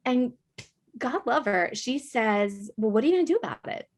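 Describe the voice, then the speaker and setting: A middle-aged woman, a podcast guest, telling a school story in a casual, animated way, with lots of filler words. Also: a little high, a little fast.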